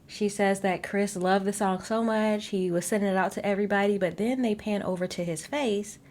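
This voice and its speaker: A woman casually recapping a reality show episode, sassy and animated, with asides straight to her viewers. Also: mid-range voice, a little fast. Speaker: recap vlogger.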